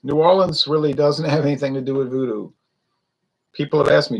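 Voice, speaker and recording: A man's voice: fairly high pitch, steady tone, brisk, vocal fry, poor audio. A man from Louisiana giving a casual, rambling beer review to viewers in a wry, self-correcting way. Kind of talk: casual solo livestream chat.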